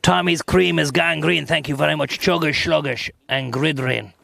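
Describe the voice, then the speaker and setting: Gravelly-voiced Irish man streaming from a car. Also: a little high, normal speed, sharp tone. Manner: rambling, profane banter. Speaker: livestreamer. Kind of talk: casual chat while driving.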